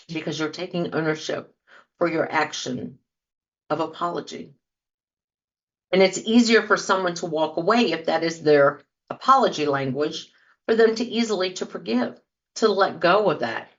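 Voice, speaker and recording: Speaking at normal speed in a low voice, this woman hosts a podcast, chatting conversationally with listeners and performing sample apologies. The recording is dull.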